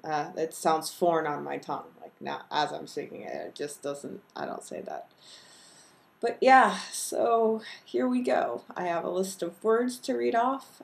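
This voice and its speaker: A woman from Texas with no regional accent, chatting casually to camera in a low-key, self-deprecating way and hesitating often. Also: creaky. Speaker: video blogger. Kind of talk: casual chat and word-list reading.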